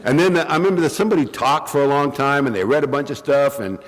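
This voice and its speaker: Fast and mid-pitched, this speaker is a California man telling a recovery group an amusing story at his own expense, acting out what people said. Bronchitis makes him cough every so often. The recording carries the echo of a large hall.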